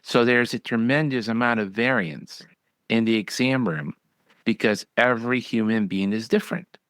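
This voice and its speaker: A man's voice: mid-range voice, normal speed, fairly bright tone, no room sound. A man who is a physician, hosting a podcast and chatting bluntly, acting out other voices when he tells stories. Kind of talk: casual interview chat.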